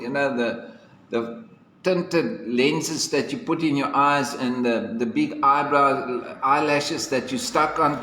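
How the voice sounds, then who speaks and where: A slow-paced man retells a fairy tale in a bright voice. He keeps breaking off for chatty asides and playful sound effects. The sound has a long, echoey hall reverb with faint ambience behind it. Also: a little high, slight background noise. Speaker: storyteller.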